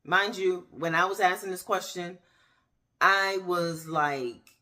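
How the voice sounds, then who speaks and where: A woman in her thirties giving a candid personal faith testimony, talking straight to her viewers with pauses and restarts. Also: on the low side, sharp tone. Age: 30s. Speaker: faith vlogger. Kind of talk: personal faith testimony, casual talk to camera.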